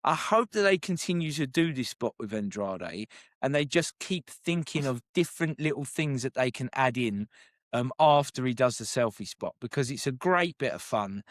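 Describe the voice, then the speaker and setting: A man co-hosting a casual wrestling podcast, relaxed and chatty, laughing often and trailing into fillers. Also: medium pitch, normal speed, no echo, clean studio sound. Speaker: podcast co-host. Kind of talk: casual wrestling review chat.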